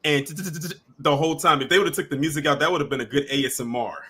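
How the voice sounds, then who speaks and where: A man's voice: on the high side, racing, sharp tone, slight background noise. A man co-hosting a casual podcast, animatedly retelling scenes and acting them out with sound effects. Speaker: podcast co-host. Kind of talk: casual chat.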